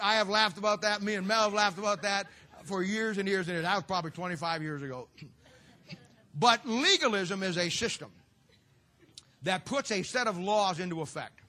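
A man's voice: sits high, pushed and bright. A middle-aged man preaching a humorous sermon to a church audience, telling stories with folksy, sarcastic asides.

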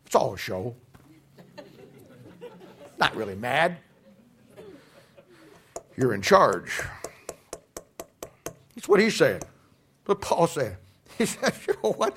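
Male preacher, high voice, animated sermon delivery with shouts and asides, conversational storytelling. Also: takes it slowly, long pauses. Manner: animated, swings from shouting to quiet asides, laughs at his own jokes.

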